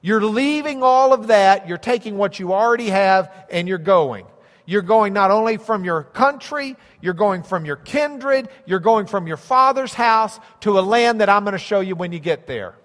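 A man's voice: high-pitched, lively intonation, normal speed, fairly bright tone, big-room sound. A man preaching a sermon, explaining a map and stressing points through emphatic repetition. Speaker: pastor.

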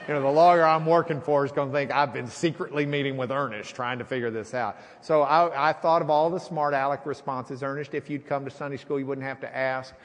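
A middle-aged man preaching a sermon, telling a courtroom story and acting out the voices with lively energy. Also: mid-range voice, brisk, few pauses. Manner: animated storyteller, acts out voices. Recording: hall reverb.

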